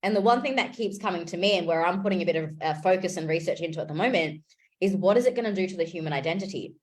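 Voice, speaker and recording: A woman in her thirties talks straight to her viewers in a relaxed, casual update. Her voice sits a little low, and she sounds eager and chatty, often circling back and restarting a phrase as her thoughts race ahead. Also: rapid-fire. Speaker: vlogger and interviewer. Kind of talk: casual chat to camera.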